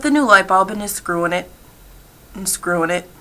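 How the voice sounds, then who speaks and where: A female voice interpreter speaks a personal story told in sign language, her phrasing halting and repetitive and full of fillers. Her voice is mid-range with a sharp tone.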